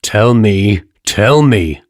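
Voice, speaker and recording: An indignant older scientist, as a male audiobook reader plays him lashes out with scorn. The voice is low-pitched and the recording is dry and close. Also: animated, very slow, dry recording. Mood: anxious.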